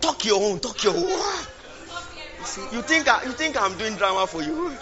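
High, bright Nigerian preacher shouting. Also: male voice, animated, moderate pace, a faint crowd. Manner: impassioned, shouting, repeats phrases, speaks in tongues. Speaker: pastor. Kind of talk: fervent sermon. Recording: muffled lo-fi recording with music.

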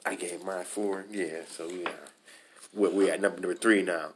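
A man's voice: sits low, steady tone, moderate pace, slight background noise. A man co-hosting a casual chat, talking emphatically and exclaiming often. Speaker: co-host.

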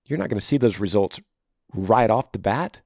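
A man hosting a podcast, giving earnest, emphatic relationship advice and often dropping to a soft, quiet voice. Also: lowish voice, expressive, moderate pace, creaky, husky, dry recording, studio quality. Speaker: podcast host. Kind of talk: advice monologue.

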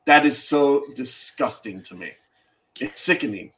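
A man's voice: mid-range voice, expressive, unhurried, a bit bright, poor audio. A man co-hosting a political talk show, speaking bluntly with open disgust and mockery.

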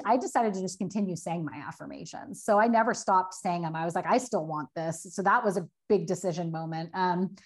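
Casting: woman, 30s, podcast guest, earnest storyteller, middle pitch, lots of "like.". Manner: earnest, fast, many filler likes, acts out quotes. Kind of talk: candid personal story in a podcast interview.

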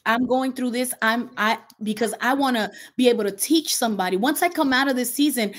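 A woman's voice: on the high side, a little fast. A woman pastor speaking earnestly in a faith conversation, with a preaching cadence and repeated phrases.

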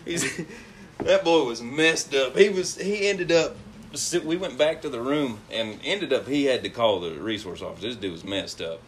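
A man's voice: medium pitch, normal speed, slight background noise. Laughing young man telling a story. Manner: rambling, laughs through the story. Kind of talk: casual storytelling.

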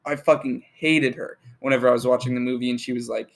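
A teenage man in casual chat, profane and animated as he retells a film. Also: mid-range voice, quick pace, gravelly.

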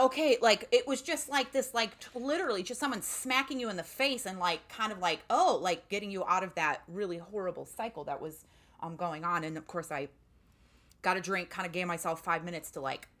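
A young woman tells a story in a relaxed, chatty way and leans on "like" constantly. Her voice sits a little low for a woman but has a bright, forceful edge. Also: normal speed. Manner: chatty, lots of "like" fillers. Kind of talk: casual storytelling.

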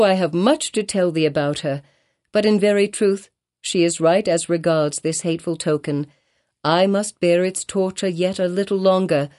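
Woman voicing a troubled stern mother, raised commanding calls, dark mellow tone, storybook reading. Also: fairly low pitch, natural voice. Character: troubled grown mother, stern then sorrowful.

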